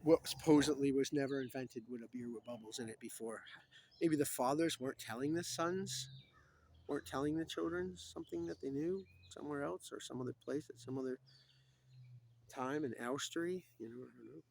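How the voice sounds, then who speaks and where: A man's voice: mid-range voice, brisk, creaky, a little hiss or hum. Rambling, preachy man telling stories. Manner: meandering, preachy, swinging loud to quiet. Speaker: speaker. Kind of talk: rambling storytelling monologue.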